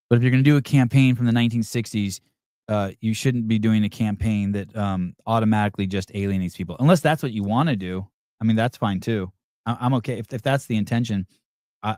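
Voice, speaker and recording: A man's voice: fairly low pitch, no echo, clean studio sound. Blunt, profane male podcast host. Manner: rambling, self-interrupting delivery. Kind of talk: casual podcast commentary reacting to viewer comments.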